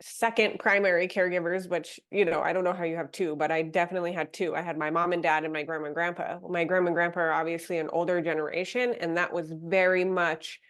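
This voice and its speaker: A woman speaking as a podcast guest, explaining her ideas in a relaxed, conversational way. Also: lowish voice, fast, hardly any pauses. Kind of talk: casual conversational podcast chat.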